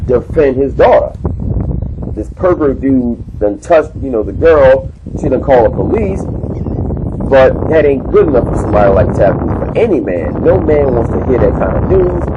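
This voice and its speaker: A man's voice: fairly low pitch, warm tone, slight background noise, rough recording. A man casually telling a personal story, rambling with lots of filler words and street slang. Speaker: channel host telling a prison story.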